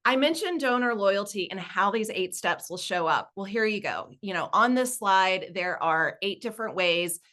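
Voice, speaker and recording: Southern woman in her forties, webinar presenter, chatty and upbeat, bright crisp voice. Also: mid-range voice, expressive, normal speed, few pauses. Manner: upbeat, chatty, laughs easily. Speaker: nonprofit consultant presenting a webinar.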